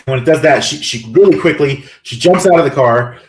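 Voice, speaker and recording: A man's voice: mid-range voice, brisk, roomy sound. A man co-hosting a podcast, casually retelling a film scene by scene and acting out the characters' lines. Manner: animated retelling with acted-out quotes. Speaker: podcast co-host. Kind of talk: casual chat.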